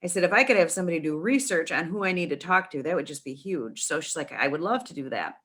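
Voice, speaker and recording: Bright-voiced woman telling a lively story. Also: deep voice, fast talker. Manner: chatty, animated storytelling with many restarts. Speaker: guest, nonprofit founder. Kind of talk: casual storytelling in an interview.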